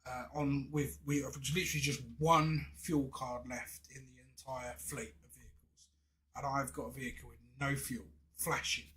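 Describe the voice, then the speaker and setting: An English man in his thirties, a game streamer, tells a story casually while gaming, sounding chatty and indignant with many restarts. His voice is mid-range and fairly bright, with little pitch movement and a moderate pace, on a rough recording.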